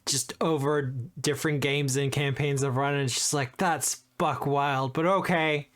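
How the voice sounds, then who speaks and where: An easygoing man runs the tabletop game and chats casually with his players. He teases them in a relaxed, friendly way. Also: on the high side, moderate pace. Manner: teasing, easygoing. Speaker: game master. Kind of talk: casual chat.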